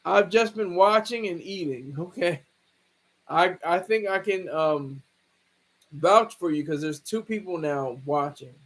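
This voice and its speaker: A man hosting a livestream, talking through a case in a rambling, halting way with many restarts. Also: sits high, fairly bright tone, low-quality recording. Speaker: livestream host. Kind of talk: casual livestream commentary.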